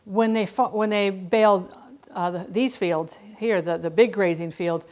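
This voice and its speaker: In a mellow-leaning, mid-range voice at a measured pace, a middle-aged woman chats with her live-stream followers while cooking at home. Her talk rambles, and she frequently begins sentences again.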